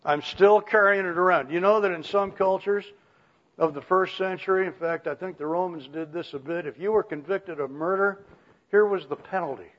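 An older man preaching a sermon in a folksy way, chuckling and often clearing his throat. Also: sits high, normal speed. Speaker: pastor. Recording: muffled lo-fi recording.

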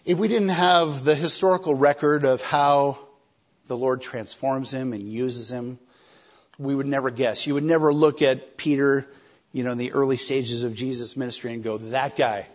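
A man preaching a sermon in a conversational, animated way, acting out quoted lines. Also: medium pitch, moderate pace, highs cut off.

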